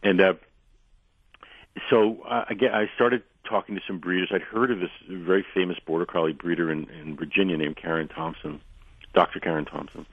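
A man guest on a radio show telling long anecdotes in a rambling way, losing his voice and clearing his throat often. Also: sits low, steady tone, a little fast, dry recording. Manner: rambling anecdotal storyteller, frequent restarts. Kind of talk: radio interview, storytelling. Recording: dry narrow phone-line sound.

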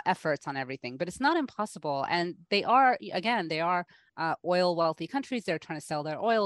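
A woman's voice: lowish voice, no echo, clean studio sound. A woman journalist answering radio interview questions, losing her voice and coughing now and then, talking casually with lots of fillers and restarts. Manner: conversational, many fillers and restarts. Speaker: journalist guest.

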